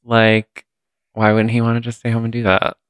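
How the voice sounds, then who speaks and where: A man's voice: medium pitch, monotone, normal speed, smooth, dry recording. A man co-hosting a podcast, recapping a movie in casual chat that rambles and thinks aloud. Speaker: podcast co-host.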